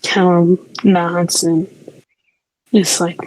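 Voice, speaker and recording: A woman's voice: on the low side, steady tone, takes it slowly, no room sound, rough recording. A woman playing a tabletop game, narrating her character's actions hesitantly. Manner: hesitant, soft-spoken narration. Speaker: player.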